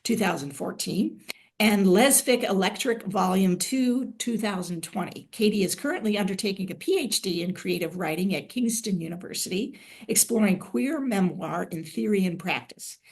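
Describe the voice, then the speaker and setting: A woman podcast host reads out an author's bio in a measured way, then slips into eager, chatty talk. Her voice is husky and a bit breathy, pitched in the middle. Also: expressive. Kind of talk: reading a guest bio, then casual chat.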